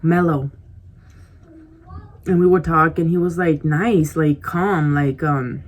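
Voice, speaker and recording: Woman, vlogger, low voice, warm and mellow tone, casual storytime, rambling, confiding, eating while talking, camera mic. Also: fairly even intonation, moderate pace. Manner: rambling and chatty, full of "like" and "you know"; confiding, speaks directly to viewers. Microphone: compact camera mic.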